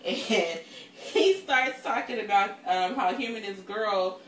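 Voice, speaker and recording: A woman co-hosting a podcast from her kitchen, telling stories in a casual, animated way, laughing often and swearing freely. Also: mid-range voice, slow pace, echoey room, distant mic, slight background noise. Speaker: podcast co-host. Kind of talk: casual storytelling chat. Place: home kitchen.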